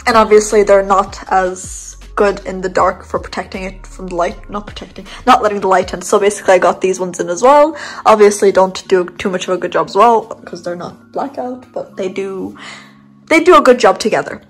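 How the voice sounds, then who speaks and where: A woman's voice: medium pitch, brisk, soft background music, rough recording. Chatty young woman giving a room tour. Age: 20s. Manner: chatty, rambling, giggly. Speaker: vlogger. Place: bedroom, indoors.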